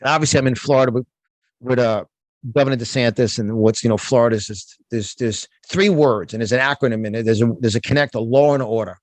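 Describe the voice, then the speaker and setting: A man's voice: medium pitch, quick pace, dry recording. A middle-aged man with a New York accent, speaking as a guest in an interview, emphatic and fired up, often restarting his words. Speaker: guest, motivational speaker and business coach. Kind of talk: passionate conversational interview.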